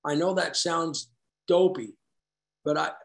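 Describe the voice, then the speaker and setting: A man sharing his personal story at a recovery meeting, candid and self-deprecating, halting and restarting as he talks. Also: fairly high pitch, vocal fry. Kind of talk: personal story told to a group.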